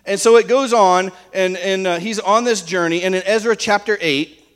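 Male preacher, high voice, emphatic sermon delivery, rhetorical questions aimed at the congregation. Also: normal speed, fairly bright tone, clear, resonant tone.

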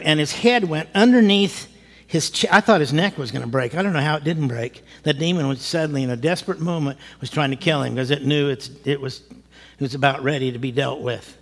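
A male pastor telling a story in a sermon, lively and animated, acting out what people said and chuckling as he goes. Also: fairly high pitch, long reverb tail. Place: church.

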